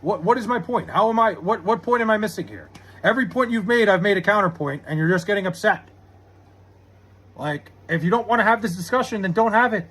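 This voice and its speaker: A young man live-streams and argues hotly with his chat, swearing freely as he makes his case. His voice sits high for a man and has a husky edge. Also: lively intonation, brisk, fairly bright tone. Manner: heated, argumentative, swears a lot.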